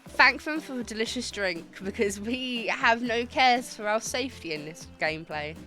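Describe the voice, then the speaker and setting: A woman streaming a dating game, chatting excitably and swearing freely as she reads the story text aloud. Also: fairly high pitch, moderate pace, faint music behind. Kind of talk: let's-play commentary and reading game text aloud.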